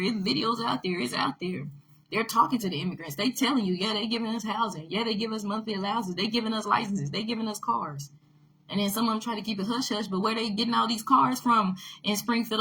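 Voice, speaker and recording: A woman's voice: mid-range voice, sharp tone, husky, rough recording. An American woman and army veteran giving impassioned political commentary, ranting and rising to emphatic bursts. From United States.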